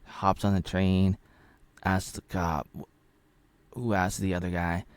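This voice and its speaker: A man's voice: deep voice, little pitch movement, a little slow, smooth, no room sound. A man casually recapping an old film, rambling and joking as he retells the plot. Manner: rambling, jokey retelling with acted-out quotes. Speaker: film reviewer.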